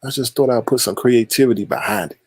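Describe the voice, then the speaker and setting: A man's voice: mid-range voice, fairly even intonation, fast, a little mellow, slightly rough. A man hosting a livestream, teasing and shady as he reads viewer chat aloud and gives gossip commentary. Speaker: livestream host reading chat.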